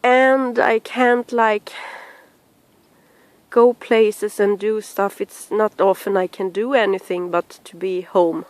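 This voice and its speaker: A tearful woman speaking haltingly to her podcast listeners from home, sighing and restarting as she talks. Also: medium pitch, steady tone. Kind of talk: personal message to camera.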